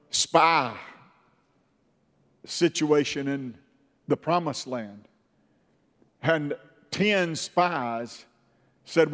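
A preacher man delivers his sermon in an unhurried, homespun storytelling manner, his voice sitting a little high. It swells into fervent emphasis, and a long hall reverb trails every phrase. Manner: folksy storytelling, rising to fervent.

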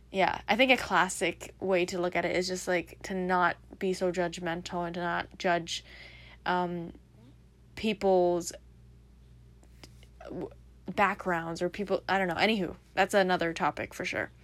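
Young woman, low-pitched, dry close mic, rambling podcast talk, lots of fillers. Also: flat delivery, a little slow, fairly bright tone, no room sound. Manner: rambling, filler-heavy, self-reflective. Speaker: podcast host. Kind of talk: casual solo podcast monologue.

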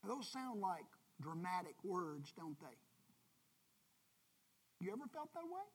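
A woman's voice: on the low side, big pitch swings, unhurried, slightly rough. A woman leading an informal Bible lesson, speaking earnestly and directly to her class. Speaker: Bible study teacher.

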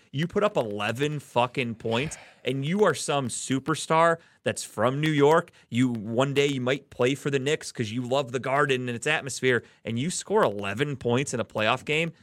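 A man's voice: medium pitch, moderate pace, a bit bright, no room sound, clean studio sound. A man from the Cleveland area hosting a casual sports podcast, ranting heatedly and swearing often. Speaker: podcast host.

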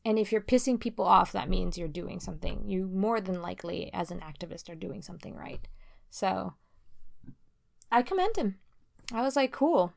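A young woman co-hosts a relaxed podcast, rambling through casual chat with plenty of fillers. Her medium-pitched voice, at a moderate pace, has a gravelly fry, and laughter keeps breaking through.

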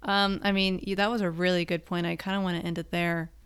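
A woman's voice: fairly low pitch, level tone, quick pace, a bit bright, clear, resonant tone. A young woman hosting a podcast in casual chat, chatty and laughing often. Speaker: podcast host.

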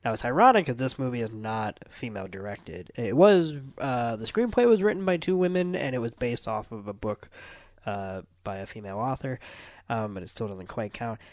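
A man's voice: medium pitch, lively intonation, normal speed, a little mellow, no echo. A man co-hosting a casual movie podcast, rambling and correcting himself as he talks. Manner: rambling, self-correcting, playful. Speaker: podcast co-host.

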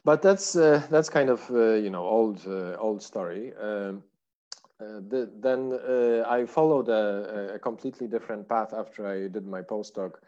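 A middle-aged man with a Polish accent tells long, meandering stories as an interview guest, stopping and restarting with many "uh"s and "um"s. His voice is dark and mellow. The recording sounds a little dull. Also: on the low side, measured pace. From Poland. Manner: rambling, many fillers and restarts. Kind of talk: casual interview storytelling.

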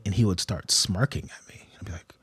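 Husky-voiced man, casual halting talk. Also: sits low, a bit bright, whispered. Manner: halting, restarts, acts out dialogue with his kids. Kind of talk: casual chat.

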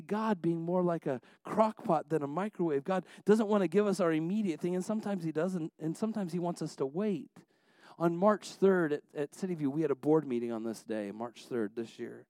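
A man's voice: fairly high pitch, moderate pace, no room sound. A man preaching a sermon as a pastor, telling family stories with many restarts and building to passionate exhortations. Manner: storytelling, many restarts, swings between soft asides and rising exhortation.

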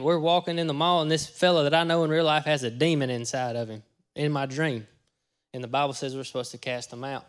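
A man preaching a testimony sermon, telling his story in a folksy way and acting out his own words with sudden loud bursts. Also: fairly high pitch. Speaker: pastor.

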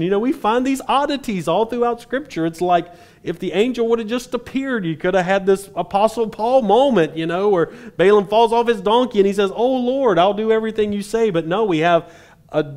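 Casting: a male preacher with a slightly high voice, casual and wry, telling a scripture story to a congregation. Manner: conversational, animated retelling with dry humor. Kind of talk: sermon.

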